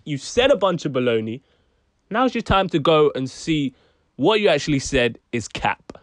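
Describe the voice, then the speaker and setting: A man's voice: a little high, dry recording, studio quality. A young British man giving exasperated, slangy opinion commentary on a vlog. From United Kingdom. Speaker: commentary YouTuber.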